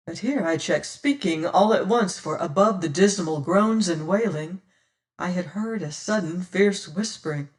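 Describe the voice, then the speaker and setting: Woman audiobook narrator, slow and measured, a bit off-mic. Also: fairly low pitch, far from the mic. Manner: measured, unhurried storytelling. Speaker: audiobook reader. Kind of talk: scripted narration.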